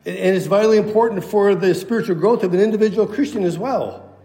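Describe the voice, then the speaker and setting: A man's voice: high voice, quick pace, warm tone. Man preaching in an echoey hall. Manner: emphatic, repeats key phrases. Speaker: pastor. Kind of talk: sermon.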